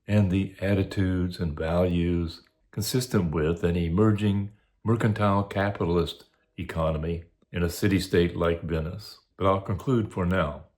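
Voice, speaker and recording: A man giving a recorded lecture as a course instructor, in a measured, academic way. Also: low voice, steady tone, a little mellow.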